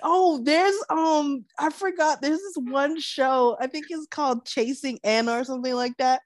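A woman's voice: sits high, normal speed, no echo. A woman co-hosting a podcast in casual chat, giggly and laughing often. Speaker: podcast co-host.

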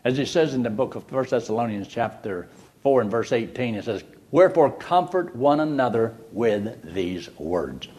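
Older guy preaching, folksy jokey stories, really animated up-and-down voice. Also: medium pitch, normal speed. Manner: folksy, animated storyteller with jokes. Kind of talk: sermon with storytelling.

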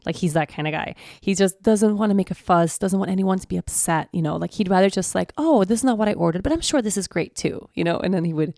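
A woman in her thirties hosting a podcast, telling a personal story in a casual, lively way and acting out the voices of the people in it. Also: mid-range voice, vocal fry, dry recording, studio quality. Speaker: podcast host.

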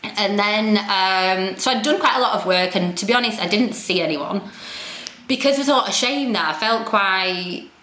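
A woman talks candidly as a podcast guest, frank and self-deprecating. She swears without a second thought. Her voice sits at a middling pitch and rings with the echo of the room. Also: moderate pace, pushed and bright. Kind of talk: candid conversational storytelling. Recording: roomy echo.

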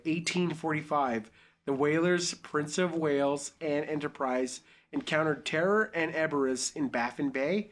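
Slightly high and a touch bright, this young male podcaster's voice carries a read-aloud story that he keeps interrupting with crude humor and off-script riffs.

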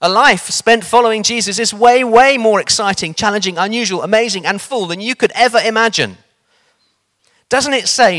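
Guy preaching a sermon, animated, tells stories, pace shifts around. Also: sits high, normal speed. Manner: animated, varies pace for emphasis. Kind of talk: sermon with storytelling.

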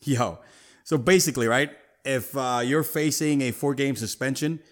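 A man's voice: medium pitch, normal speed. A man hosting a casual sports talk podcast, emphatic and full of slang. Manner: animated, emphatic, street slang. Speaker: podcast host.

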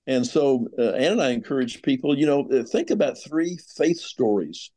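An older man speaks as a podcast guest over a remote call. His voice is mellow and dark. He talks earnestly and in an exhorting way, at a middle pitch. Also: expressive, normal speed. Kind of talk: earnest ministry talk.

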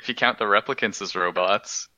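A young man co-hosting a casual movie podcast, making deadpan jokes. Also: fairly low pitch, brisk, no echo. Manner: deadpan jokes, laughs at himself. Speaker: podcast co-host. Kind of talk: casual chat. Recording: dull, lo-fi sound.

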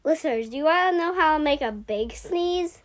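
A woman's voice: high-pitched, animated, a little fast. A young woman helping read a picture book, playful and speaking directly to the listeners. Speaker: co-reader.

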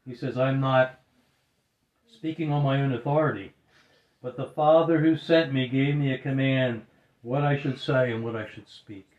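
A man preaching a sermon, earnest and measured, dropping his voice low when he quotes scripture. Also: fairly even intonation, lo-fi sound. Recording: roomy echoing hall.

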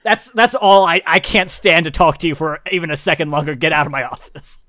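A man's voice: a little high, fairly quick, sharp tone, no echo, studio quality. A man playing a flustered stammering CEO. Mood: exasperated. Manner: stammering, repeats words. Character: exasperated rambling male startup CEO.

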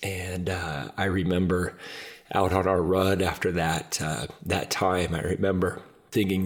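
A man's voice: low voice, flat delivery, a little slow. A man hosting a podcast and telling a personal story in an earnest, conversational way, with frequent "like" fillers. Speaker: podcast host. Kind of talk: casual storytelling.

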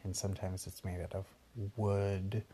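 A man's voice: deep voice, flat delivery, moderate pace, dark tone, a little hiss or hum. A man patiently improvising a bedtime story for a child and explaining things along the way. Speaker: parent telling a bedtime story.

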